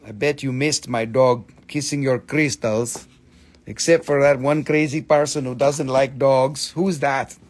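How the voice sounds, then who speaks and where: A man's voice: medium pitch, fairly even intonation, measured pace. A man casually hosting a live-stream crystal sale, joking around, swearing loosely and repeating himself. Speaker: host selling crystals.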